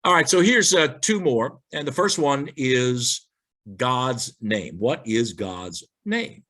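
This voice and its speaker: A man's voice: medium pitch, expressive, takes it slowly, a bit bright. A male pastor telling funny stories and reading church signs in a light-hearted sermon, acting out the characters as he goes.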